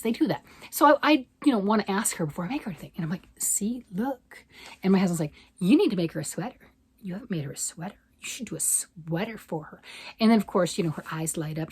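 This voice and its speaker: This yarn vlogger is an older woman, a grandmother, who chats casually and rambles about knitting, frequently asking "right?". Her mid-range voice is a little mellow and husky. There's no room sound.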